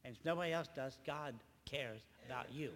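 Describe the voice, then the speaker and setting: An older man giving an emotional personal testimony at a church gathering, speaking haltingly and often repeating his words. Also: medium pitch, fairly bright tone. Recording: reverberant hall, faint background noise.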